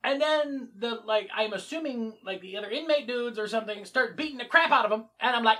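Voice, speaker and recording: High, bright-voiced rambling vlogger man. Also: fairly quick, few pauses. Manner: rambling, filler-heavy, animated. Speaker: movie reviewer. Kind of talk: casual reaction vlog.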